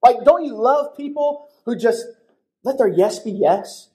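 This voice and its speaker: A young man preaching a church sermon, telling a story in a lively, casual way and acting out the voices of people in it. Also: very high-pitched, measured pace. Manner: animated storytelling with acted-out voices. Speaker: pastor.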